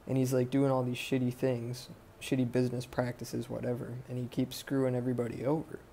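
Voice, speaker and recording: A man's voice: medium pitch, monotone, a little fast, creaky, dark tone, a little hiss or hum. A man hosting a podcast, casually recapping a movie plot in a rambling, profane way full of fillers. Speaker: podcast host.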